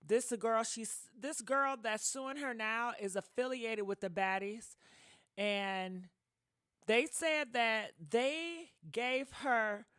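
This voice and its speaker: A woman hosting a gossip show, with a fairly high voice and a chatty, emphatic delivery. She speaks straight to her viewers in a dry, close recording with no room sound. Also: a bit bright, smooth, no room sound. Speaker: gossip channel host. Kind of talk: casual gossip commentary.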